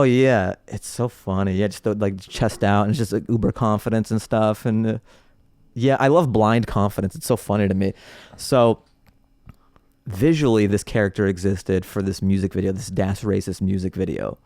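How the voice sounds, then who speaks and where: A man's voice: fairly low pitch, dry recording, clean studio sound. A man who is a comedian guest, telling stories in casual podcast chat and laughing often. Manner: animated storyteller, laughs often.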